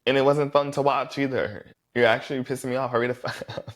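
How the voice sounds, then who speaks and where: A man casually recapping a reality show episode, blunt and profane, with lots of "like" fillers and animated reactions. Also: mid-range voice, fast talker.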